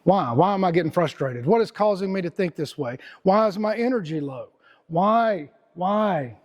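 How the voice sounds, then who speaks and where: A man's voice: sits high, expressive, normal speed, lo-fi sound. A middle-aged man with a Texan accent giving a casual, rambling motivational talk as host, repeating words and using slang.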